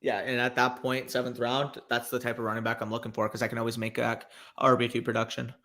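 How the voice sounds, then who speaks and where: A young man hosting a casual live fantasy football stream, reading viewer questions aloud and reacting quickly. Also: mid-range voice, level tone, sharp tone. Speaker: fantasy football podcast host.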